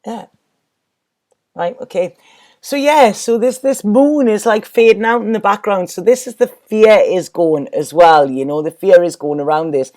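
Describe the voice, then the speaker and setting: Rambling woman tarot reader, mellow voice. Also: mid-range voice, a little slow. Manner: rambling, repeats words, warm and effusive. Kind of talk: casual tarot reading vlog.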